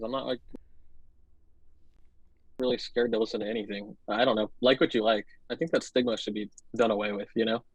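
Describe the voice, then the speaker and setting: A man's voice: lowish voice, steady tone, normal speed, no echo, poor audio. A man who plays in metal bands, chatting as a podcast guest in a laid-back, easygoing, profane way. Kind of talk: casual chat.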